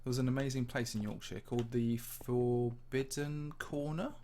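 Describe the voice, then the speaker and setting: A man's voice: medium pitch, fairly even intonation, normal speed, mellow, a little hiss or hum. Chatty man with a slightly posh English accent. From English Midlands. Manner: chatty and rambling, answers viewer questions. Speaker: Minecraft channel host. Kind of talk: casual livestream chat while touring a game map.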